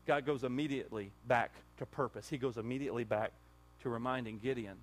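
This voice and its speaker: A pastor preaching a sermon in an animated way, full of rhetorical questions. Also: male voice, medium pitch, quick pace.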